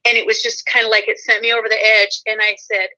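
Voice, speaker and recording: A woman's voice: on the high side, flat delivery, fast, low-quality recording. A woman guest in a casual chat, earnest and giggly as she talks. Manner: warm-hearted, giggly, earnest.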